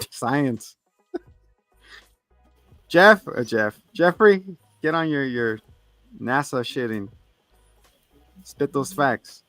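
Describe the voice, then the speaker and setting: A man's voice: mid-range voice, expressive, very slow, long pauses, fairly bright tone, no room sound, faint music behind. A man co-hosting a casual movie review podcast, joking around, laughing often and swearing freely. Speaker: podcast co-host.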